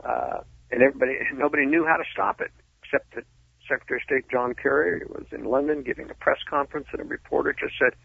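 A man calling in as a guest analyst, explaining emphatically in a raspy voice. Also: mid-range voice, steady tone, quick pace, no room sound. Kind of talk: phone-in radio interview. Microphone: telephone. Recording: tinny phone line.

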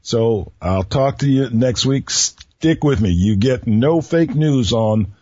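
A man hosting a radio talk show who tells riddles to his listeners slowly, repeating each one and pausing before the answer, with a folksy manner. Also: mid-range voice, lively intonation, warm tone, husky, dry recording. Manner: folksy, chuckles at his own jokes. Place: radio studio. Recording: dull lo-fi radio recording.

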